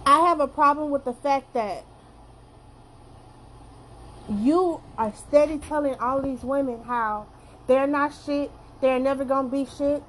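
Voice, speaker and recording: Blunt, high-voiced young woman ranting. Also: unhurried, pauses often, a little hiss or hum, poor audio. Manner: blunt, profane, repeats herself for emphasis. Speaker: vlogger. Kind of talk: casual opinion rant to camera.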